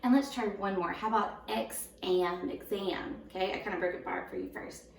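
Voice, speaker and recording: A woman's voice: mid-range voice, vocal fry, a little hiss or hum. Woman teacher sounding out syllables. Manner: patient, slow, sounds words out in syllables. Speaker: first grade teacher. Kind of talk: recorded home lesson for young children. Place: home room. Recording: roomy echo, voice a bit far from the mic.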